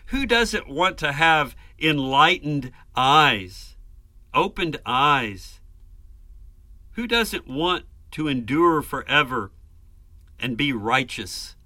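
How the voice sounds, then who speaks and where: A man's voice: on the high side, very animated, takes it slowly, sharp tone, dry recording. A man preaching a sermon, earnest and emphatic, building lists and rhetorical questions.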